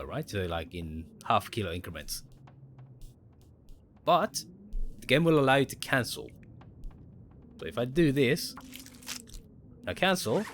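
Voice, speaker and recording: A man's voice: mid-range voice, a bit bright, a little hiss or hum. A man streaming a survival game, casually thinking aloud and explaining mechanics to viewers. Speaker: gaming livestreamer. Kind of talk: casual gameplay commentary.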